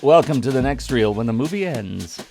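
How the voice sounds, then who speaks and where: A man's voice: medium pitch, animated, normal speed, vocal fry, a little mellow, soft background music. A man hosting a film podcast in casual chat, thinking aloud and circling back on his sentences. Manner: thinking aloud, rambling with restarts. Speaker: podcast host.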